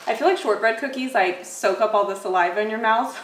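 A woman's voice: a little high, a little fast, distant mic. Chatty woman tasting snacks in an echoey room. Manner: chatty, laughs often, muses while tasting. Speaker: food vlogger. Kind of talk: casual food review chat. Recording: echoey room, mic set back.

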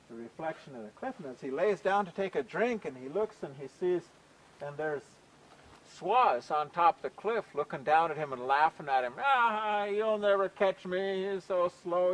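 A man telling a traditional folk tale aloud in a relaxed, conversational way, often saying "you know". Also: a little high, a little hiss or hum, low-quality recording. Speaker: storyteller. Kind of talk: oral folk storytelling.

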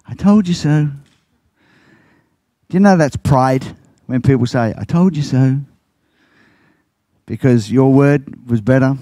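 A man's voice: takes it slowly, long pauses, dark tone, no room sound. An older man, a pastor preaching a sermon and telling stories, acting out quoted lines. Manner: storytelling, acts out quotes with big pitch jumps.

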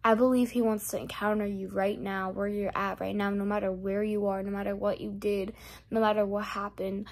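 A young woman in a casual vlog who shares a faith testimony and then leads a spoken prayer. She talks earnestly, repeats her phrases and drops to soft whispers as she prays. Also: medium pitch, little pitch movement, fairly quick. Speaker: vlogger sharing a faith testimony.

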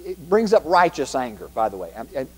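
A man's voice: medium pitch, very animated, fairly quick. A man preaching a sermon as pastor, emphatic and repetitive, often asking the congregation rhetorical questions. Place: church sanctuary. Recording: long reverb from a church hall.

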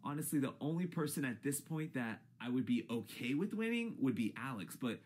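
Husky bright-voiced ranter, cussing nonstop, voice jumps all over the place. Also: mid-range voice, lively intonation, brisk. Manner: profane, exasperated, swings into shrieks. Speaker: YouTube ranter. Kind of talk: angry reality TV rant.

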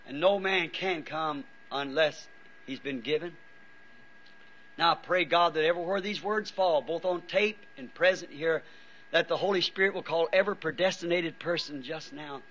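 A weary middle-aged man leading an earnest, pleading prayer and altar call from a church pulpit, with halting restarts. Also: fairly high pitch, a bit bright. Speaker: preacher. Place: church before a congregation. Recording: dull old sermon tape with faint hiss.

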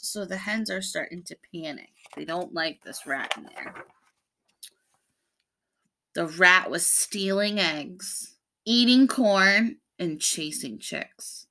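A woman's voice: on the low side, slow pace. A woman, a preschool teacher, reading a picture book aloud to children and explaining the pictures as she goes. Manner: explains the pictures between pages, animated.

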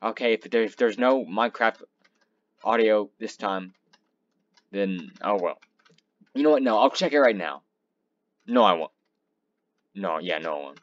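A man's voice: fairly low pitch, animated, unhurried, long pauses, no echo. Lo-fi young man rambling over gameplay. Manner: swearing, rambling, swinging between loud outbursts and mumbling. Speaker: gaming channel host. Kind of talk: casual gameplay commentary.

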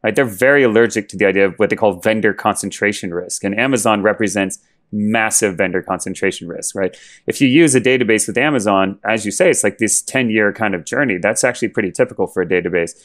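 A man guest on a podcast, a company chief executive, answering questions in a measured, explanatory way with frequent fillers. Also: on the low side, a bit bright. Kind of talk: interview answers.

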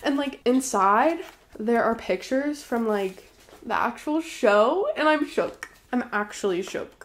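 A woman hosting her own channel, chatting to camera in a gushing, excitable way while unboxing gifts. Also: on the high side, slow pace, a little hiss or hum. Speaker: booktube host. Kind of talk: casual chat to camera, unboxing.

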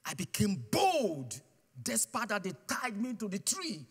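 A man preaching a guest sermon, telling his testimony with mounting passion and bursts into shouted declarations. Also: sits high, wildly swooping pitch, measured pace, slightly rough. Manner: impassioned storytelling, swelling to shouted declarations. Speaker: guest pastor. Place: church sanctuary. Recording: long church hall reverb.

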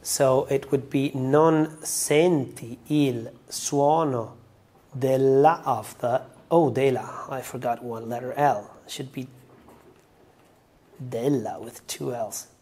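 Slow-paced Italian-accented man teaching. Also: medium pitch, darkish tone. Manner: careful, step-by-step explaining. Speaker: language teacher. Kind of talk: explaining song lyrics to learners.

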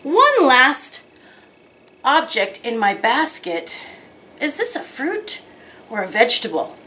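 A woman teaching preschool children in a slow, sing-song, animated way. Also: high voice. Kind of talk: children's lesson and picture-book reading.

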